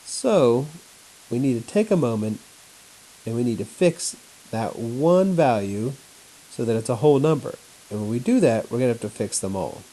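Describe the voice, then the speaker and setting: A male teacher walking through a chemistry lesson at home on his laptop, in a flat, announcer-like voice. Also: mid-range voice, moderate pace, poor audio. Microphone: laptop mic.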